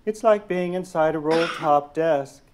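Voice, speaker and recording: A man, a poet, reading his poems aloud at a lecture event, pausing with hesitant asides between poems and reading the verse in a slow, measured way. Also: on the high side, slight background noise. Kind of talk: poetry reading. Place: lecture hall.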